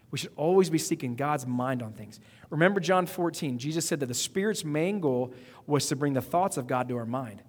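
Male pastor, fairly high voice, emphatic sermon delivery, long hall reverb. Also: breathy edge. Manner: preaching with emphatic rising outbursts and quick repetitions.

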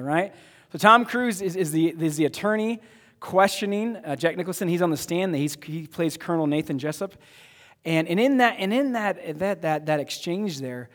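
In a church sanctuary with a big-room sound, a man preaches as pastor in a fairly high, fairly bright voice. He keeps it casual, repeating words and questioning his congregation.

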